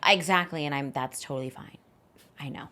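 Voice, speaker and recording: A woman co-hosting a podcast in casual chat, relaxed, with short reactions and laughing asides. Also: low voice, fairly quick, a little hiss or hum.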